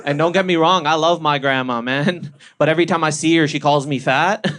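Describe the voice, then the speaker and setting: A young Canadian man performing a stand-up comedy set, telling stories with a deadpan, punchy delivery. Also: on the high side, a little fast. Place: comedy club stage.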